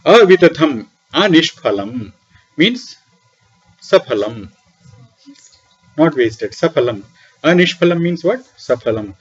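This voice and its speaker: A man's voice: a little high, big pitch swings, measured pace, pauses often, husky. Man lecturing, dull lo-fi recording. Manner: poses questions and answers them himself, repeats key terms. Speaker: lecturer on Vedic philosophy. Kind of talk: classroom lecture explaining scripture. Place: small room beside a temple library.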